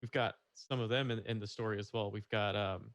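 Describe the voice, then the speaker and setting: A man co-hosting a casual podcast, relaxed, often repeating words and ending with "right?". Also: fairly low pitch, brisk, no echo. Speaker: podcast co-host. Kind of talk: casual chat.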